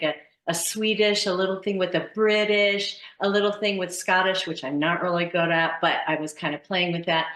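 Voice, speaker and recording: A woman's voice: on the low side, roomy sound, low-quality recording. A middle-aged woman, a voice actress, chatting casually and animatedly, acting out little quotes as she tells a story. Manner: animated, laughing, acts out quotes. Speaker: voice actress guest. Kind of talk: casual chat.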